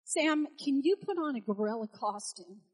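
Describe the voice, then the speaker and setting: A zookeeper leans in and talks low and confidentially, coaxing and reassuring, as a woman puts him on. Her voice is naturally high but drops softer for the secret. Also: expressive, normal speed, rough recording. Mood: confiding. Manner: hushed, conspiratorial. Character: zookeeper man, confiding and persuasive.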